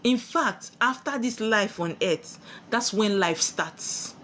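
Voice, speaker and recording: A woman's voice: mid-range voice, expressive, takes it slowly, fairly bright tone, slight background noise. A woman with a Nigerian accent giving a spiritual sermon, preachy and full of rhetorical questions she answers herself. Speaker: spiritual teacher.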